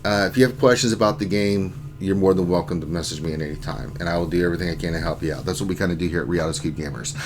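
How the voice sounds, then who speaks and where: A man's voice: low voice, racing, hardly any pauses, a little hiss or hum. A man hosting a casual gaming livestream, rambling and joking as he reads chat messages aloud. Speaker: streaming host.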